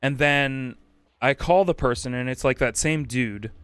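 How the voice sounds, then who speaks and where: A man's voice: medium pitch, measured pace, a bit bright, smooth, no echo. A man streaming, telling a rambling, profane anecdote in casual chat and acting out quotes. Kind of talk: casual storytelling on a livestream.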